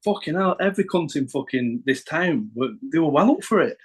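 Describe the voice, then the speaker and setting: A man's voice: fairly high pitch, animated, a little fast, a crowd in the background, rough recording. A middle-aged man with a Northern English accent telling a rambling, sweary story as a podcast guest. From Northern England. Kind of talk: casual anecdote telling.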